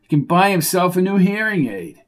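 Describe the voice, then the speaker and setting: A man voicing a sarcastic, excitable sidekick at the horse races, full of jokes. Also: high voice, normal speed, voice pushed up. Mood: wisecracking. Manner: sarcastic and jokey. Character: wisecracking excitable man, a race-betting sidekick.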